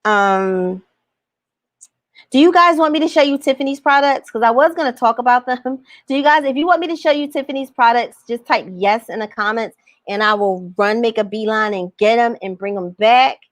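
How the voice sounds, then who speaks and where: A woman's voice: on the high side, normal speed, no echo, studio quality. Emphatic woman coaching on a livestream. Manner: emphatic, repeats phrases, asks the audience questions. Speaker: online business coach. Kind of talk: livestream talk reading viewer comments.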